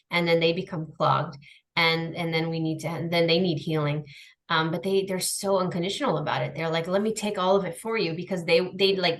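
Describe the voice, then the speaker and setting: A woman talking casually on a podcast over a video call. She is animated and likes to act out little scenes, jumping up into playful voices when she quotes herself talking to her dogs. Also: deep voice. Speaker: podcast guest. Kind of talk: casual chat.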